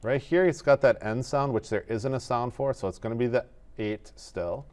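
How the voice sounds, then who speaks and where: A man teaching animation in a screen-recorded tutorial, explaining each step in a methodical, relaxed way. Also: medium pitch, normal speed.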